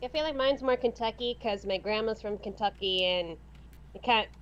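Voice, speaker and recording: A woman artist in casual chat, talking in halting restarts and acting out quoted voices. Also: a little high. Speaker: artist and fan voice dubber. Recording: dull lo-fi call audio.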